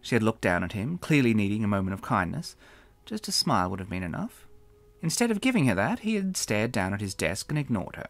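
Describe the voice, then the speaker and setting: A man narrating his own novel as an audiobook in a wry, expressive storytelling manner. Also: lowish voice, brisk, creaky, no echo. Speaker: author and narrator.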